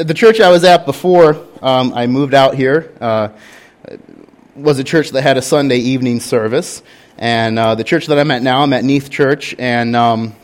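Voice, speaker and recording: A young man, a pastor, preaching a sermon and telling a candid story in an earnest way. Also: mid-range voice.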